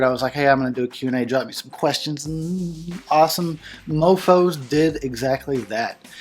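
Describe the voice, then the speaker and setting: A man's voice: fairly high pitch, darkish tone. A man hosting his own video channel, chatting casually in a loose, profane, self-mocking way. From United States. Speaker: horror channel host. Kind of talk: casual vlog chat.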